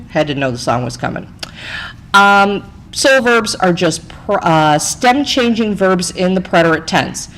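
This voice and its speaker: A woman's voice: medium pitch, low-quality recording. A woman Spanish teacher narrating a recorded slide lesson, chatty, explaining step by step and checking in with "okay?".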